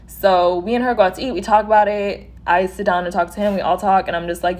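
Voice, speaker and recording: A woman telling a casual storytime and acting out the other people's dialogue with lively energy. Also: medium pitch, quick pace. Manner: animated, acts out quoted dialogue.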